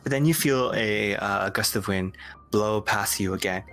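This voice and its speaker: A man narrating as game master in a tabletop game, with slow, descriptive storytelling that halts on fillers. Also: on the low side, fairly bright tone, faint music behind.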